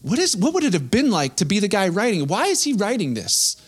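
High-voiced casual young male preacher. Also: huge pitch swings, fairly quick, breathy edge. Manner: casual, conversational preaching with playful acted-out asides. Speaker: pastor. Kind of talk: sermon.

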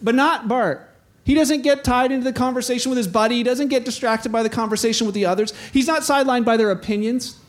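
High-voiced man preaching conversationally. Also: fast. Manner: conversational, voices characters in dialogue. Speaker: pastor. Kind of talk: sermon with acted-out scenes.

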